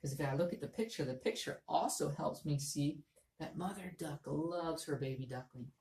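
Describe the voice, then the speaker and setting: A woman's voice: sits low, moderate pace, creaky, a little mellow, a little hiss or hum. A woman teacher giving a reading lesson to young students, explaining patiently and repeating key points. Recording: echoey room.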